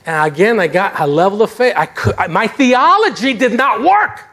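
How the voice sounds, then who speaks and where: A middle-aged male pastor with a high voice preaching in a church sanctuary. He tells his own story in a lively, animated way, with a self-deprecating humor. His delivery swings between intimate and exclaiming. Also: moderate pace. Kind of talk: sermon with personal testimony.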